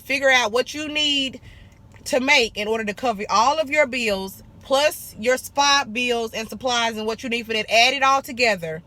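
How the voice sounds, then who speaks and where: This is a young woman from Arkansas with a bright, forward tone. She talks straight to her viewers in a sassy, blunt way, swearing casually and calling them baby and honey. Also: fairly high pitch, unhurried. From Arkansas, USA. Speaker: esthetician vlogger. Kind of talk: casual business advice vlog.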